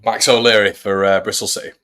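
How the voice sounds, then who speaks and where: Low-voiced man doing fan match commentary. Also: little pitch movement, fast talker, pushed and bright, smooth. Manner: chatty, addresses viewers as everybody. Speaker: fan channel host. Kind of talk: live watch-along commentary.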